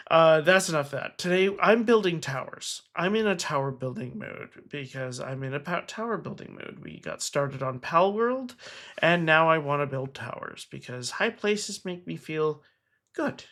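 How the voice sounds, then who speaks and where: A man's voice: a little high, fairly bright tone. A man hosting his own game stream in casual chat, earnest and talkative, with wry jokes at his own expense. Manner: earnest and chatty, with wry self-mocking jokes.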